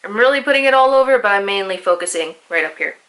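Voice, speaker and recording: A woman's voice: mid-range voice, expressive, fast, a bit bright. A young woman talking through her makeup routine in a casual, chatty way, with lots of "like" and self-mocking asides. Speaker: beauty vlogger. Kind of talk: casual makeup tutorial voice-over.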